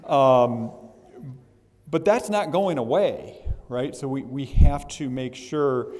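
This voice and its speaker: A man giving a candidate speech as the incoming association president, halting and emotional, often repeating words. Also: medium pitch, darkish tone. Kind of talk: candidate speech at a meet and greet. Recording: reverberant hall.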